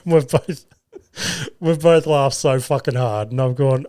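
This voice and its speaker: Smooth-voiced man telling stories. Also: medium pitch, takes it slowly, pauses often, dark tone. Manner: swearing, laughing anecdotes. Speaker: podcast host. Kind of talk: casual storytelling.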